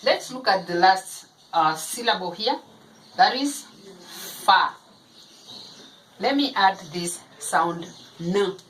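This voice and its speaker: A woman teaching phonics, sounding out syllables slowly and repeating each one for parents of young children. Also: mid-range voice, expressive, fairly bright tone, a little hiss or hum, poor audio. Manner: slow, deliberate, repeating each syllable aloud.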